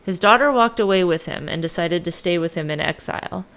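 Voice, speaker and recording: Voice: mid-range voice, fairly quick, fairly bright tone. A podcast host casually retelling a myth with lots of swearing and modern slang. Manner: profane, slangy, irreverent.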